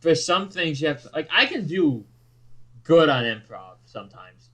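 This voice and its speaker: A man's voice: a little high, expressive, moderate pace, fairly bright tone, husky, poor audio. A young man co-hosting a podcast, joking around and hesitating while he searches for his words in a casual chat. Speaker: podcast co-host.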